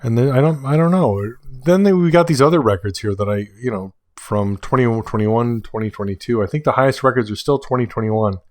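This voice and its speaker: A man hosting a casual solo podcast, chatty and rambling, correcting himself and getting excited in asides. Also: mid-range voice, a little fast, hardly any pauses, dry recording. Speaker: podcast host.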